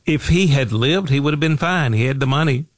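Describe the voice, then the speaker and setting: A man's voice: a little high, fairly quick, no echo. Man, finance talk show host, folksy, repeats himself, dry close sound. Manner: folksy, repeats phrases, asks rhetorical questions. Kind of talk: radio talk show monologue.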